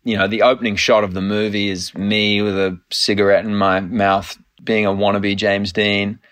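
An Australian man in his thirties, an actor guest in a casual interview, telling stories in an animated, laughing way. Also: fairly low pitch, normal speed.

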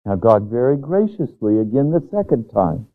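A man's voice: mid-range voice, sing-song. Earnest male preacher on a tinny line. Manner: earnest, emphatic preaching with drawn-out words. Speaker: pastor. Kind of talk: Bible teaching sermon. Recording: tinny phone-like audio.

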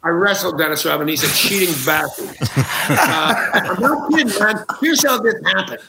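A man's voice: sits high, animated, moderate pace, vocal fry, echoey room, background noise. A man, a talk show guest, telling comic anecdotes with gusto, acting out quotes and laughing at his own jokes. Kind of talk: animated comic storytelling.

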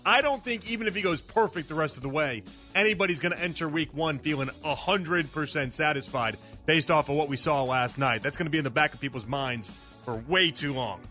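Man, sports radio host, higher voice, bright tone, muffled audio, faint music underneath. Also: fairly quick. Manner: conversational, repeats words when starting thoughts.

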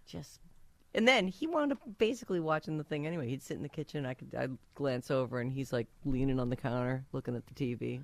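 A woman co-hosting a casual chat, animated and chatty as she tells stories. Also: a bass voice, fast talker, vocal fry, dry recording. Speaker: podcast co-host.

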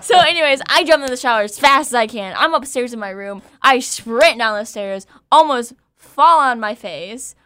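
A woman host telling a personal story in casual chat, candid and animated, laughing as she goes. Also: a little high, normal speed, hardly any pauses, clean tone.

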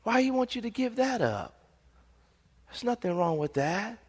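A man putting on a hushed, coaxing devil. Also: sits high, sing-song, moderate pace, slightly rough, exaggerated voice. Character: the devil, a sly tempting male whisperer. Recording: long hall reverb.

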